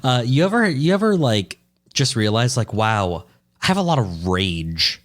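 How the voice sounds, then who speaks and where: A man's voice: mid-range voice, big pitch swings, moderate pace. Profane ranting man telling stories. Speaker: podcast co-host. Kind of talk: casual chat.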